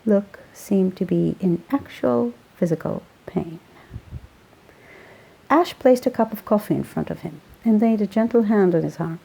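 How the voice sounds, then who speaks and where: Gravelly woman reading a story aloud. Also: medium pitch, a little slow, dark tone, poor audio. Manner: modest, apologetic. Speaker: amateur reader.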